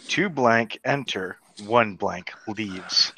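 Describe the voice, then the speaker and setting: A man in a casual online group chat, delivering running deadpan gags while the others laugh. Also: mid-range voice, slow. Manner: deadpan joke delivery, reading out repeated gag lines. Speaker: online game player. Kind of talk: casual group chat over a card game.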